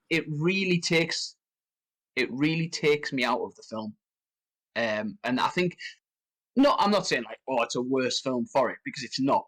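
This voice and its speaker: A man co-hosting a film podcast, talking in a rambling, animated way that jumps up in pitch when he rants. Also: low-quality recording. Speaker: podcast co-host. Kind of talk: casual film discussion.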